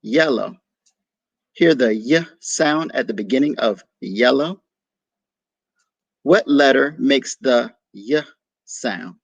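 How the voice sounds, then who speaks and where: A man teaching young children a phonics lesson, sounding out letters slowly and patiently and praising their answers. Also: mid-range voice, creaky, slightly rough, no room sound.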